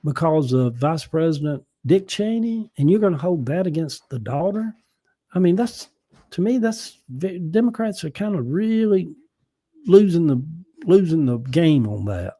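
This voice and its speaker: An older man with a Southern US accent hosting a casual livestream, rambling folksy talk and often clearing his throat as he reads viewer comments. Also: fairly high pitch, big pitch swings, unhurried, mellow. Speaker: livestream host.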